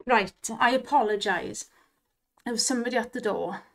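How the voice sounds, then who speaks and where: A woman's voice: a little high, moderate pace. Giggly woman gushing over wins. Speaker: slot video host. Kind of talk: excited commentary on slot wins.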